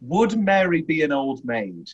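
A man's voice: fairly high pitch, very animated, measured pace. A man co-hosting a casual film podcast, rambling and interrupting himself, often laughing mid-sentence. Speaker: podcast co-host. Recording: dull lo-fi podcast audio.

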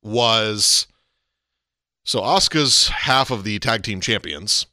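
On a casual wrestling podcast, a co-host chats animatedly, his voice climbing to emphatic peaks. It's lowish, slow, bright, and forceful, with clean studio sound and no room echo.

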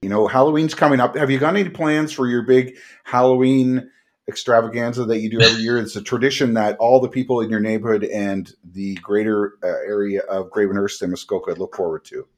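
A man co-hosting a podcast in casual chat, eager and quick to laugh and ask questions. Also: on the low side, fairly even intonation. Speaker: podcast co-host.

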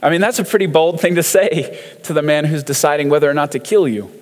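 A man preaching in a relaxed, conversational way, full of asides and fillers. His voice sits a little high for a man. A long reverb trails behind him, as in a big hall. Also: fast. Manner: conversational, chatty, with frequent fillers and laughs. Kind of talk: casual sermon commenting on song lyrics.

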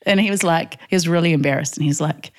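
Speaking quickly in a lowish register, this middle-aged New Zealander tells personal stories frankly during a relaxed interview. Her New Zealand accent is clear, she performs the quotes lively, and she laughs a lot.

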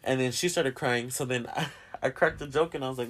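A man's voice: mid-range voice, fairly quick. A young man hosting a podcast in casual chat, rambling and swearing a lot and often laughing. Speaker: podcast host.

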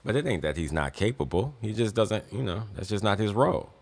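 A man's voice: fairly low pitch, very animated, a little fast, a little mellow. A young man co-hosting a casual sports podcast, emphatic and insistent, hammering his points with repetition. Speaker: podcast co-host, son.

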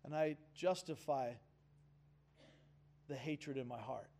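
Slow and a little mellow, this male pastor's medium-pitched voice carries an earnest, emphatic sermon. He draws the congregation into call-and-response.

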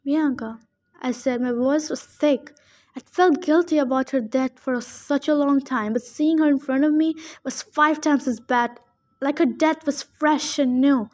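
A woman reading a first-person novel aloud, steady with small slips. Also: high-pitched, a little slow. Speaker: audiobook reader.

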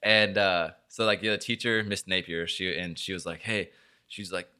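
A man's voice: low voice, steady tone, moderate pace, bright, forceful tone, smooth. A young man, a podcast host, telling a story in casual chat, rambling and swearing with lots of filler words. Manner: rambling, swears a lot, full of filler likes.

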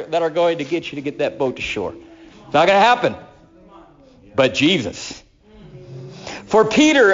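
Animated preacher man, lo-fi audio. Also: high voice. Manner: dramatic, swings from loud to hushed. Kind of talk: sermon.

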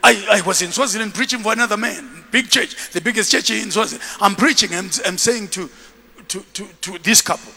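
Bishop, male, high and sharp, shouting sermon delivery, echoing church hall. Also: brisk, gravelly. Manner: animated, shouting, with bursts of laughter; calls for congregation repeat-after-me. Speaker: bishop, preacher. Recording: long reverb of a church hall.

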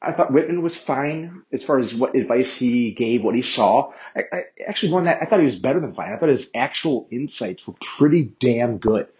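A man's voice: mid-range voice, lively intonation, a little fast, hardly any pauses, darkish tone, rough recording. Rambling, foul-mouthed man hosting solo. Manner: rambling, profane and self-mocking; chatty, with many fillers and restarts. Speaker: podcast host. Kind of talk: casual solo commentary.

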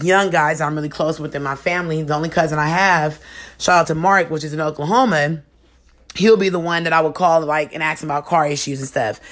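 Frank, slangy woman vlogging. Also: deep voice. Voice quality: frank, expressive, slangy delivery. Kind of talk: candid casual monologue to camera.

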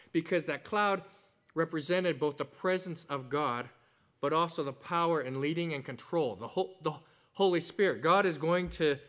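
A pastor with a slightly high, fairly bright voice preaches a sermon in an earnest, explanatory way. He adds conversational asides and puts strong emphasis on key words.

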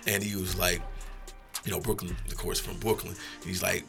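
A man tells long, rambling, profane stories at an easy pace. His voice sits low and gravelly but has a bright, forceful edge. Faint music plays underneath. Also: little pitch movement, moderate pace. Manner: laid-back, profane, rambling anecdotes. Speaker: rapper guest. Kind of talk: casual storytelling.

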